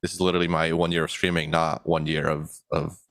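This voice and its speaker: A young man co-hosting a podcast in a relaxed, chuckling chat full of fillers. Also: rumbling low, fast talker, vocal fry, dry recording. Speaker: podcast co-host and editor.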